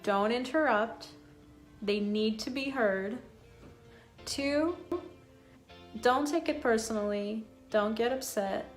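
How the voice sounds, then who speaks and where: A woman teaching an English lesson, modelling phrases slowly and clearly. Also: on the high side, soft background music. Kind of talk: scripted lesson.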